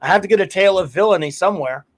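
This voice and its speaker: Middle-aged guy rambling thru stories on his stream, high voice, swears a lot, laughs at himself. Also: rapid-fire. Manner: rambling storyteller, curses freely, laughs often. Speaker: podcast host. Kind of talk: casual live-stream chat.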